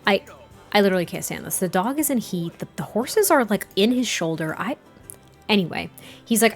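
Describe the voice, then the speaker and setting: A chatty woman hosts a let's play, giggling and venting at her game as she goes. Her voice sits in a middling range. Quiet game music runs under her talk. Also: mid-range voice, big pitch swings, moderate pace, long pauses. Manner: chatty, giggly, easily exasperated.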